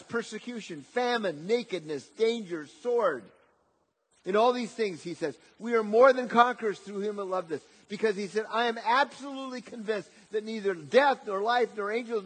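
A man preaching a sermon, often repeating words and swinging between loud emphatic lines and quiet, soft passages. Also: high-pitched, slightly rough.

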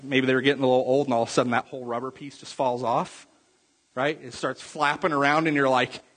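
A man preaching a sermon, animated and conversational, asking his congregation questions and dropping to quiet intensity on key points. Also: fairly high pitch, slightly rough. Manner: asks the congregation direct questions. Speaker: pastor. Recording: long hall reverb.

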